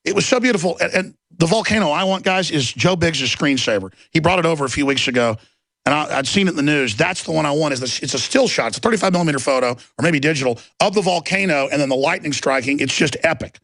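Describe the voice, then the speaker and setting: A man's voice: a little high, quick pace, a bit bright, no echo. A man hosting a talk radio show, delivering an intense, rambling monologue with emphatic outbursts. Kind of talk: ranting monologue. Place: radio studio.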